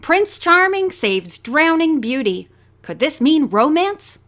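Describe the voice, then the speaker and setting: A woman's voice: sits high, sing-song, slow, a bit bright, voice pushed up, full character voice. A woman reading an audiobook, voicing a pushy, flippant male newspaper reporter. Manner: brash, mocking. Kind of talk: audiobook character voice.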